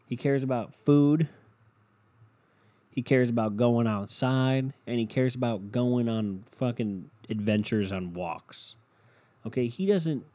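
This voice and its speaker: A man's voice: mid-range voice, takes it slowly, warm tone. A young man hosting a casual solo podcast from home, rambling and swearing with a sardonic edge. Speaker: podcast host. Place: at home in bed with his dog. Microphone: home podcast mic.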